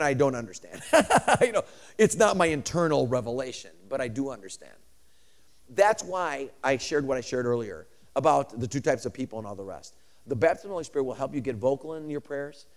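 A man preaching a sermon with swings from shouting to hushed asides and laughs between points. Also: medium pitch.

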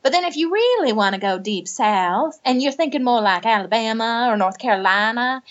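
Podcast host, woman, Ohio accent, higher voice, chatty, lo-fi recording. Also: expressive, normal speed. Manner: chatty, says like often, swears casually. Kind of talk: casual chat.

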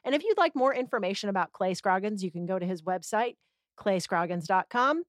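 A woman's voice: medium pitch, lively intonation, dry recording, clean studio sound. Affirming woman podcast host. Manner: affirming, quick to agree and laugh along. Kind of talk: podcast hosting.

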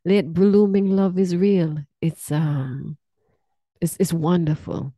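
A Jamaican woman speaks as a podcast guest, gentle and affectionate. Her voice is very low and mellow, and she takes her time. The recording is dry. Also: slow, no room sound. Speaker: podcast guest, healthy aging researcher. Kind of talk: casual interview chat.

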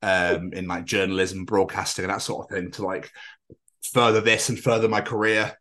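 A man's voice: sits low, level tone, moderate pace, bright, forceful tone. A man co-hosting a podcast, rambling and joking with lots of swearing. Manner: rambling, jokey, sweary, puts on silly voices. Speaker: podcast co-host. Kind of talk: casual chat.

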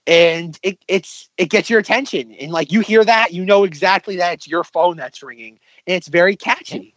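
Podcast co-host, lively chatter, higher pitch, dead-dry room. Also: male voice, normal speed, no echo, dull audio. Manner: animated, lots of vocal impressions. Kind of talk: casual chat.

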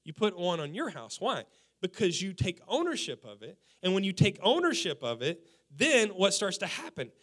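High-voiced, animated male preacher. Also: moderate pace. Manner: animated storytelling, emphatic repetitions. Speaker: pastor. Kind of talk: sermon.

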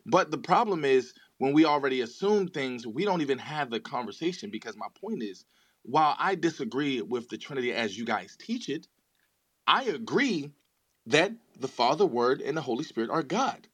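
A man's voice: medium pitch, big pitch swings, moderate pace, no room sound. A man making an earnest case in an online audio chat room, often repeating words as he starts a thought. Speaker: debate participant. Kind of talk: earnest theological debate.

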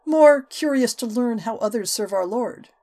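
A woman voicing a composed, quick-witted female spy with dry replies in an audiobook. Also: on the high side, expressive, dark tone, voice pushed up. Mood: wry. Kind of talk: audiobook character voice.

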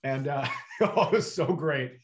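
A middle-aged man, a comedian, telling stories in a relaxed chat and acting out the dialogue. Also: on the high side, a little slow. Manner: animated storyteller acting out dialogue. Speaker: comedian guest. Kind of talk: casual storytelling chat.

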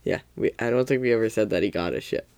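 A man co-hosting a podcast in casual chat, enthusiastic and excitable, saying "like" a lot. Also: lowish voice, quick pace, gravelly, no echo. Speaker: podcast co-host.

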